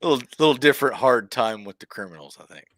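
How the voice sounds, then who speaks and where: A man's voice: mid-range voice, fast, a bit bright, no room sound. A man co-hosting a casual livestream chat, teasing and joking playfully.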